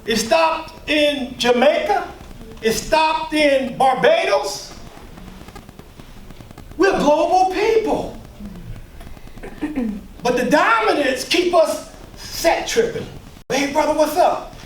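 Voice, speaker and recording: Emphatic male speaker with a very high voice, preacher-like cadence, heard from far off in an echoey room. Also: takes it slowly, long pauses, a little hiss or hum. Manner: emphatic, preacher-like, with call-and-response and mocking asides. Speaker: workshop leader and speaker. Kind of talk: lecture to a live audience.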